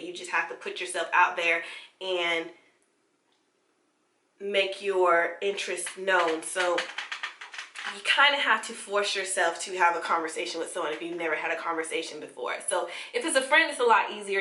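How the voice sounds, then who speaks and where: A woman's voice: on the low side, sharp tone. A young woman giving casual, encouraging advice straight to the camera, talking conversationally with fillers and restarts. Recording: echoey room.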